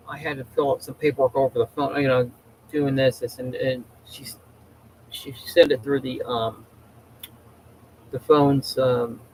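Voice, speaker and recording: A man's voice: a little high, slight background noise, poor audio. A man hosting a casual livestream, rambling and chatty with many restarts, talking from home. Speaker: livestream host.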